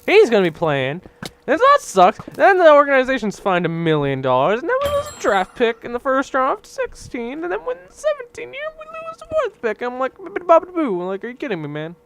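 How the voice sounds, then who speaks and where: His voice is extremely high with wildly swooping pitch, gravelly and fairly bright, at a moderate pace. The young man makes gaming videos and here gripes in an exasperated, rambling rant over his gameplay, repeatedly tossing in "right?".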